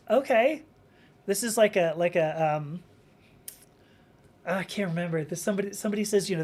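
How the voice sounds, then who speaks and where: A woman hosting a live stream, talking in a rambling, animated way, reading out viewer comments and acting out little quotes as she goes. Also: mid-range voice, brisk. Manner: rambling, animated, with frequent restarts and acted-out quotes.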